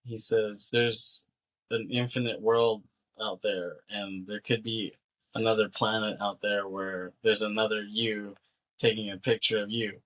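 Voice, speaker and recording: A man's voice: on the low side, flat delivery, unhurried, a bit bright. A man co-hosting a podcast, casually retelling a film's plot and acting out the characters' lines with laughs and swearing. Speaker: podcast co-host. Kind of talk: casual movie recap chat.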